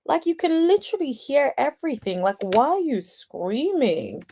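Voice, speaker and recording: A woman's voice: high voice, big pitch swings, moderate pace, few pauses, warm tone. A woman hosting a casual reaction commentary, speaking to her viewers with chatty, exasperated asides. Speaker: host.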